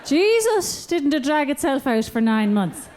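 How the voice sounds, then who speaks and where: Animated high-voiced Irish woman comic. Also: unhurried, a little hiss or hum. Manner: animated, sing-song baby-talk delivery. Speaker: stand-up comedian. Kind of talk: stand-up comedy routine. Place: comedy club stage.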